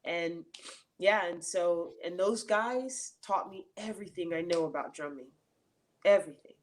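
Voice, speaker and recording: Speaking over a remote mic as an interview guest, a middle-aged woman has a voice pitched slightly low for a woman. She tells stories loosely and with animation at an unhurried pace, laughing, looping back, and dropping in fillers and restarts, all in a casual interview style.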